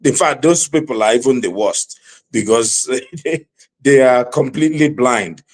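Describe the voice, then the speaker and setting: A man hosting a panel debate, speaking haltingly with many fillers before arguing firmly. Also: medium pitch. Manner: halting, many fillers, then forceful argument. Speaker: talk show host.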